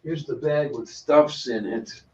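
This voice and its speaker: A man's voice: a little high, measured pace, slightly rough, muffled recording. A man in casual chat who talks in a musing way and mutters to himself. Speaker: podcast co-host.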